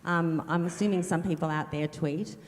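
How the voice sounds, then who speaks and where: A woman's voice: fairly low pitch, fairly even intonation, moderate pace. Chatty woman moderating in a hall. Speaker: event moderator. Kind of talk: onstage conversation. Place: large auditorium with audience. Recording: long reverb of a large hall.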